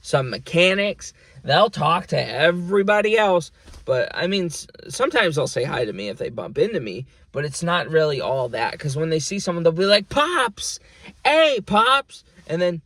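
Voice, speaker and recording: A man's voice: fairly high pitch, very animated, moderate pace, a bit bright, no room sound. A man vlogging, ranting in a rambling, profane and aggrieved way about being ignored at work. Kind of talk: casual venting monologue.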